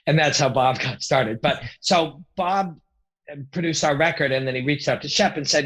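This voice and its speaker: A middle-aged man, a podcast guest and former rock musician, telling stories in a casual, animated and profane way. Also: a little high, moderate pace, rough recording. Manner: animated, profane, acts out quoted voices. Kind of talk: casual storytelling.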